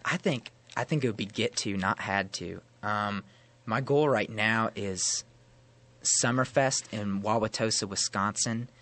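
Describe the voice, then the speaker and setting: A young man, a musician guest, chatting casually in an interview, easygoing and quick to laugh. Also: lowish voice, a bit bright. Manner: easygoing, laughs often, self-deprecating.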